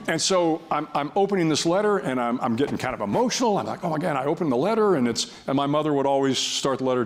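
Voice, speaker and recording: An older man speaking as a guest before an audience, telling a story in a wry, self-deprecating way with frequent restarts. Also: medium pitch.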